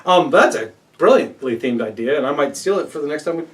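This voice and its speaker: A man with a slightly high voice co-hosts a casual chat, upbeat and chatty, sometimes tripping over names. He sits a little far from the microphone. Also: animated, fast, slight background noise. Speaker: co-host. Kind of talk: casual chat reviewing crowdfunding campaigns.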